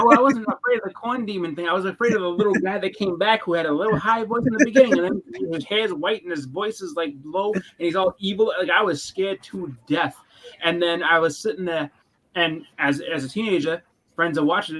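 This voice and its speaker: A man's voice: high-pitched, a bit bright, low-quality recording. A young man in casual chat, rambling with restarts and acting out moments as he goes. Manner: rambling, restarts, quick reenactments.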